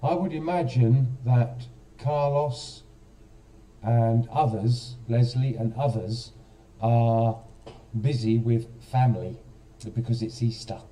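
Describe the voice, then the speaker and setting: A man's voice: medium pitch, slow pace, mellow, recorded from a distance. A man hosting a casual live stream, chatting straight to viewers and quizzing them, with a self-mocking manner.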